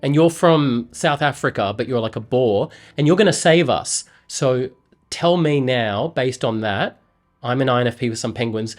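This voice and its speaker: An Australian man vlogs while chatting playfully with an AI, rambling and often trailing off. He speaks at a moderate pace with a medium pitch.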